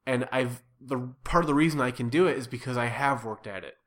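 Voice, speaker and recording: A man talks through improv advice in a relaxed podcast chat. He is earnest and encouraging, and often restarts his sentences as he works out his point. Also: mid-range voice, brisk. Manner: earnest, advising, with frequent restarts. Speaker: improv performer and workshop teacher.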